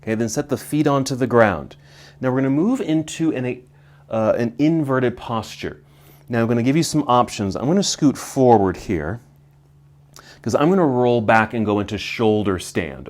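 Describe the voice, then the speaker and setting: A middle-aged man teaching a yoga class, calmly cueing poses and breaths, slightly out of breath. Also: lowish voice. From United States. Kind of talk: guided yoga class instruction.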